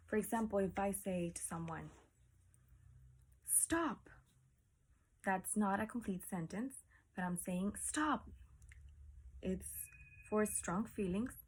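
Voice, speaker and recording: A woman's voice: mid-range voice, husky. A woman teaching a class, explaining patiently and asking her students questions. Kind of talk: classroom lesson.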